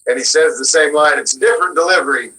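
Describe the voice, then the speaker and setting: A man who is a guest voice actor, chatting casually in an interview and telling lively stories with frequent laughter. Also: fairly high pitch, fast, low-quality recording. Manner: animated storyteller, laughs often.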